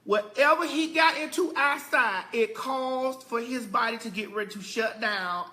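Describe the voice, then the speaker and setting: A woman vlogger telling a story at home in a casual, emphatic and animated way. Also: a little high. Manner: emphatic and animated, often addressing viewers as "girl". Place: home, indoors.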